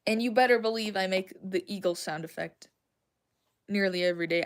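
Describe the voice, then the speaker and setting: A woman's voice: mid-range voice, fairly quick. A young woman with a Southern American accent, casually rambling and giggling as she chats with her livestream viewers. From Southern United States. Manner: rambling, giggly, self-deprecating. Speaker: streamer. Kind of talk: casual livestream chat, answering chat.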